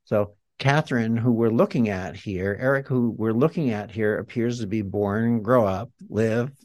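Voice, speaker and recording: A man's voice: fairly low pitch, normal speed, a little mellow, no echo. A man, a healer and guest, talking reflectively and guiding the listener through an exercise in a teacherly way. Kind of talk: reflective interview talk.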